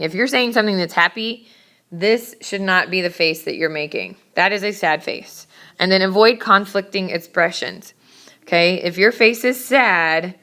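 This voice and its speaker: A woman teacher giving a classroom lecture on public speaking, brisk and direct, with scolding asides to her students. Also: on the low side, pushed and bright, clean tone.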